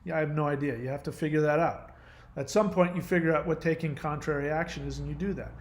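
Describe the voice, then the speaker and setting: Man from the states, middle-aged, a bit high-pitched, rambling, blunt, swears freely, casual monologue. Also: fairly even intonation, fast talker, a little hiss or hum. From United States. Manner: rambling, blunt, profane, self-deprecating. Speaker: host.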